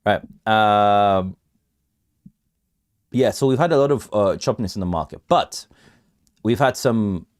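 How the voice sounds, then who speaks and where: Deep-voiced man bantering on a livestream. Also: expressive, measured pace, pauses often, no room sound, studio quality. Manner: bantering with viewers, laughing often, lots of restarts. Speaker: crypto livestream host. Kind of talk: casual livestream chat.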